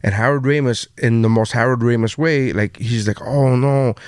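A man hosting a casual podcast, rambling through an anecdote with lots of "uh" and "like." His voice is smooth and clear. The sound is dry and close. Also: medium pitch, a little fast, no echo. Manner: chatty storyteller, many fillers. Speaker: podcast host. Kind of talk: casual chat.

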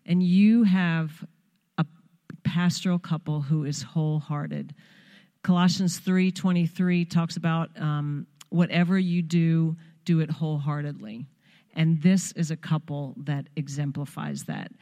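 A woman's voice: deep voice, fairly even intonation, measured pace, warm tone, in a large hall. A middle-aged woman from Long Island giving a heartfelt, conversational sermon as a guest speaker in a church. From Long Island, New York. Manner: heartfelt, conversational preaching with asides. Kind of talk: sermon exhortation. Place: church sanctuary.

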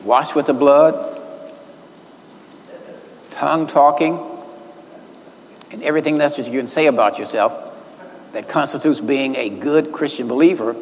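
Emphatic preacher in an echoey hall. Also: male voice, mid-range voice, slight background noise. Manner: emphatic, stretches key words slowly. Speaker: minister. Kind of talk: sermon teaching from notes.

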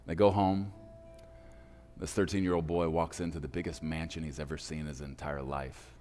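Deep-voiced male preacher telling a story. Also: steady tone, a little mellow. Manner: dramatic pauses, slowing for emphasis. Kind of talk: sermon storytelling. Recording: reverberant hall with faint music.

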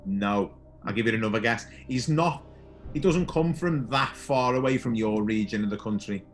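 A man's voice: medium pitch, moderate pace, soft background music. A man hosting a podcast, asking quiz questions in a casual, chatty way and laughing often. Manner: chatty, laughs often, calls guest "mate". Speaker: podcast host.

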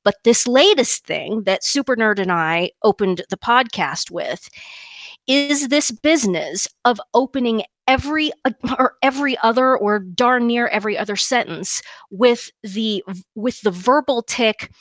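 A woman's voice: a little high, a little slow, a bit bright, no echo. A woman co-hosting a podcast, ranting indignantly and emphatically, often restarting and repeating words. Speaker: podcast co-host. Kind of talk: opinionated podcast rant.

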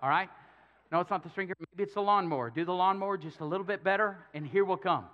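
A man's voice: sits high, quick pace, muffled recording. A male pastor preaching a sermon, telling a Bible story with jokes and acted-out quotes. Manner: storytelling with humor, acting out quotes.

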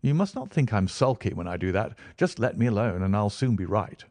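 Sherlock Holmes, eager and quick, as a man puts him on. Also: on the low side, dry recording. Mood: lively. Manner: quick, enthusiastic, lively. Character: eager brilliant young male detective.

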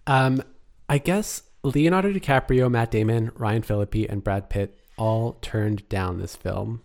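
A man's voice: fairly low pitch, a little slow, a little mellow. A man co-hosting a casual chat about a film, talkative, laughing often and trailing off mid-sentence. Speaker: podcast co-host.

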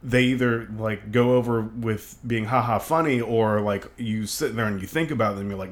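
A man's voice: on the low side, moderate pace, hardly any pauses. A man in casual conversation reviewing a film, talking in a hedging way with many fillers and restarts. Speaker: film podcast co-host.

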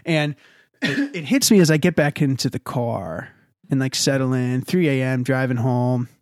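A man's voice: unhurried, no echo, studio quality. A young man in casual chat, telling a story with lots of energy and acting out the voices of other people. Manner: animated storyteller, acts out quoted voices with big pitch jumps. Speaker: podcast co-host telling a story.

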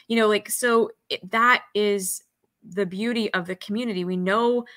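Earnest woman with a bright voice. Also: mid-range voice, fairly even intonation, normal speed, no echo. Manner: earnest, acts out quoted dialogue. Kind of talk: casual podcast conversation.

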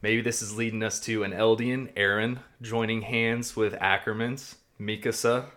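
A man with a lowish voice co-hosts a casual podcast. He talks in a relaxed, chatty way and builds eager fan theories as he goes. His wording is blunt and now and then profane. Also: normal speed. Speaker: podcast co-host. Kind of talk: casual chat.

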